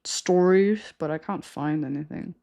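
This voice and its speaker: A woman's voice: deep voice, unhurried, gravelly, warm tone. A young woman streamer telling a story in casual chat, rambling and laughing often. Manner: rambling, chatty, with frequent laughter and "like" fillers.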